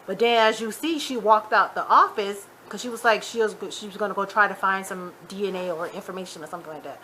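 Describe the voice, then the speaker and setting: Woman, casual TV recap host, chatty, animated, bright voice, faint background noise. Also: mid-range voice. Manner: chatty and animated, retelling scenes with quick asides.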